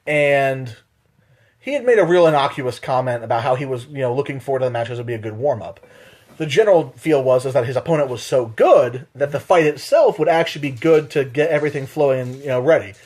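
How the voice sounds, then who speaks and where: A young man co-hosting a podcast, chatting casually, telling stories in a profane, joking way. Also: mid-range voice. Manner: profane, joking, animated storytelling. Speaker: podcast co-host. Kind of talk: casual chat.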